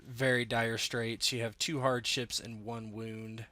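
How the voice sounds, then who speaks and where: A man's voice: mid-range voice, little pitch movement, unhurried, sharp tone. A man running a tabletop game as game master, explaining rules and thinking aloud with many fillers.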